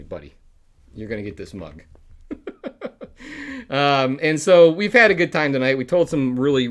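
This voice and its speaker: A man hosting a public access show, rambling through a sign-off and laughing at his own bad jokes. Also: mid-range voice. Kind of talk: rambling live sign-off chat.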